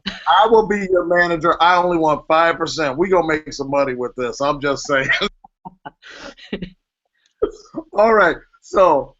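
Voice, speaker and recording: Speaking slowly with frequent pauses, this man has a slightly high, fairly bright voice. He moderates an online panel through a video call in an easygoing, talkative way, laughing and joking often, and the call audio is dull and lo-fi.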